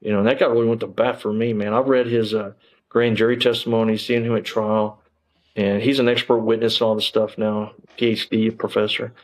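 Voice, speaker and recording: A man's voice: on the low side, flat delivery, brisk, poor audio. A man, a former police officer telling his story in a casual interview, rambling with lots of fillers and frank swearing.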